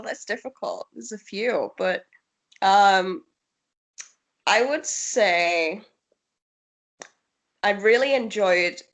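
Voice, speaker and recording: Woman rock musician, slightly low voice, relaxed and chatty interview guest who laughs often. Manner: easygoing, chatty, laughs often, many ums. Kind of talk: casual interview chat.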